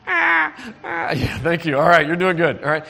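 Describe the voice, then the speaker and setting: A man telling a Bible story to children in a church hall, lively, asking the audience to call out and join in. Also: fairly high pitch, a little fast. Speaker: children's preacher.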